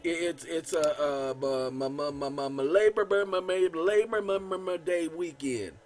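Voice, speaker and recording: Emphatic high-voiced man lecturing viewers. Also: a little slow, faint music behind. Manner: emphatic, repetitive, stammers and restarts; addresses viewers as y'all. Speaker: channel host. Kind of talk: casual explainer while editing a document.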